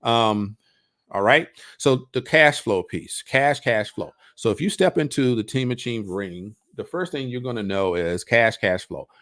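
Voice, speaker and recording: A man's voice: medium pitch, unhurried, a bit bright. A man coaching on a livestream, talking casually to his audience, repeating words and firing off rhetorical questions. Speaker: coach hosting a livestream on passive income.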